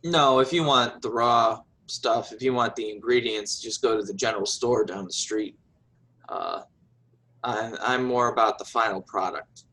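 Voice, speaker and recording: A man's voice: mid-range voice, normal speed, pushed and bright, low-quality recording. A man voicing a busy middle-aged baker and father who talks in a brusque, practical way.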